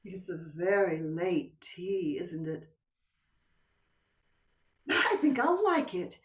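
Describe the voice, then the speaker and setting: A woman's voice: lowish voice, sing-song, slow. A woman playing a coquettish married woman in a stage play, teasing and dropping to whispers. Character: coy married woman playing a seductive game. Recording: echoey room, from a distance.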